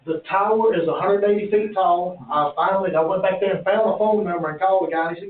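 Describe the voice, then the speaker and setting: A man's voice: high voice, fast. A man explaining a land survey at a county hearing, folksy and rambling. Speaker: applicant's representative. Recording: echoey, tinny, far from mic.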